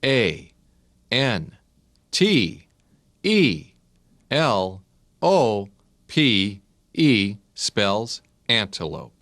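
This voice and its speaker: A man narrating for young children in a very slow, sing-song way. His voice sits a little low and swoops up and down a great deal. He spells words out letter by letter as he goes. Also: a bit bright, no echo, studio quality.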